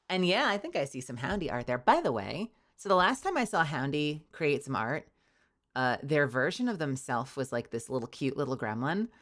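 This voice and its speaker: A woman's voice: low voice, sing-song, normal speed, fairly bright tone. A young woman streaming casually, bubbly and rambling, often laughing. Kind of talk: casual livestream chat.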